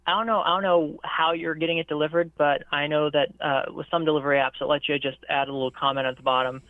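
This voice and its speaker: St. Louis guy, rambling casual chat, fairly high voice, thin phone-line sound, dry. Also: steady tone, fast, no echo. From St. Louis, USA. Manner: rambling, filler-heavy, many "like"s. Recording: tinny phone-like call audio.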